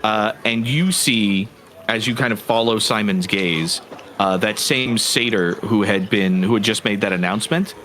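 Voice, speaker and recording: A man narrating a tabletop game as game master, with frequent pauses and fillers. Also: fairly low pitch, fairly bright tone, a little hiss or hum. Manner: hesitant, many "uh" and "um" fillers.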